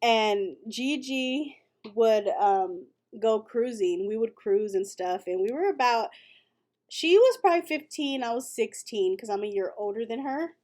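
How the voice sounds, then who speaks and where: A woman's voice: a little high, animated, measured pace, darkish tone. Chatty Texan woman on a late-night livestream. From West Texas. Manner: chatty, reads viewer comments aloud, storytelling. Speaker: livestream host.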